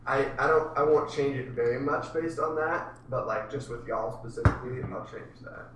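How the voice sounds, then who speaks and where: A young man in casual podcast chat who talks in a relaxed way and often says "like". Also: mid-range voice, normal speed, far from the mic, very noisy. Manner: relaxed, filler-heavy, uses "like" often. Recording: very echoey room, away from mic.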